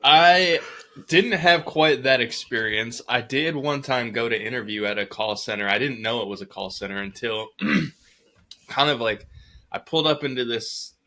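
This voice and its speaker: A man hosts a podcast about sales, talking in a relaxed, loose way. His voice is bright and forward, and he salts his stories with casual swearing while acting out the people in them. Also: medium pitch, normal speed. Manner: laid-back, swears casually, acts out quoted voices. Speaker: podcast host. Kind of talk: casual chat.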